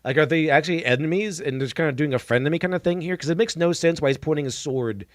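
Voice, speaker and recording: A man's voice: on the high side, quick pace, no echo, clean studio sound. A man giving casual live-stream reaction commentary, blunt and mocking, scoffing at what he watches and restarting sentences as he goes.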